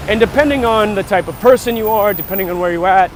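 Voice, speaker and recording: A fast-talking man with a high voice vlogs during a morning walk beside traffic, with a bit of background noise. His talk is casual and musing, full of tangents and self-interruptions.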